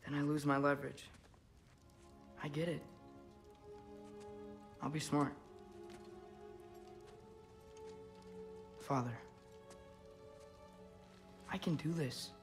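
A man voicing an earnest, brave teenage boy hero in a video game, speaking softly and sincerely. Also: fairly high pitch, fairly even intonation, slow, gravelly, long pauses, over music. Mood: resolute. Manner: soft-spoken, sincere.

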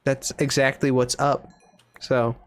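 Gaming livestream, excitable, jokey, casual chat, faint background noise. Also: medium pitch, takes it slowly. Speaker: gaming streamer.

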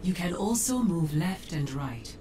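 A woman voicing a calm female AI training guide in a video game, speaking in a measured, instructive way. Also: fairly low pitch. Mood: guiding. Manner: measured, instructive, even-toned. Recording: distant game audio with loud music.

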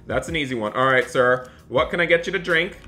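A young man commentating a role-play game as a flight attendant, talking excitably straight to his viewers. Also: medium pitch, a little fast. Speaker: gaming YouTuber.

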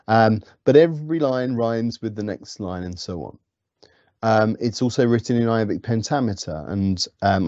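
A man's voice: lowish voice, dark tone, dry recording, dull audio. A man teaching a poetry lesson, explaining patiently with frequent ums and restarts, in a British accent. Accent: British English. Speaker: English teacher. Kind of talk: lecture.

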